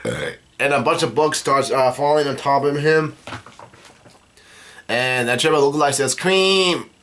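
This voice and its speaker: A man casually recapping a comic chapter, halting with many fillers and restarts. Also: mid-range voice, fairly bright tone.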